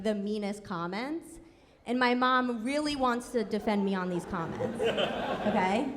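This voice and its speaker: Sarcastic woman doing stand-up in a club. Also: a little high. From New York. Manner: quick, sarcastic, self-deprecating. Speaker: stand-up comedian. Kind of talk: stand-up set. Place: comedy club stage, audience laughing. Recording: live club recording, long reverb, audible noise.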